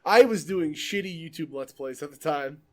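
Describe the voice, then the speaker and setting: Excitable high-voiced young man, swearing. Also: moderate pace. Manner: excitable, swears a lot, laughs often. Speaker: podcast host. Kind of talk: casual podcast chat.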